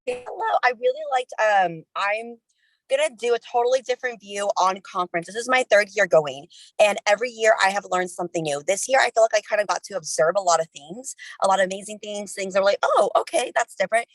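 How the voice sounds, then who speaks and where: A woman talks on a livestream in a chatty, energetic motivational way, full of quick asides and little self-interruptions. Her voice is close and dry, with no room sound, and sits at a middle pitch. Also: no room sound, low-quality recording. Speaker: team leader sharing a conference recap. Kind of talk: casual motivational talk on a livestream.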